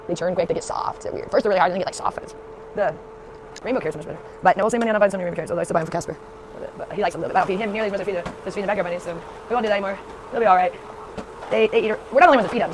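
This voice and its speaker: A woman's voice: on the low side, background noise. A woman vlogger chatting casually to camera, rambling with lots of fillers. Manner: rambling, full of fillers and restarts.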